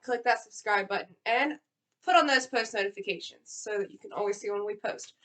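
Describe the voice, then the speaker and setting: A young woman co-hosts a casual vlog with a light Southern US accent. She tells stories in an animated, filler-heavy way. Her voice sits at an average pitch. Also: a little fast. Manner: animated storytelling, lots of "like". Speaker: co-host. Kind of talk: casual chat.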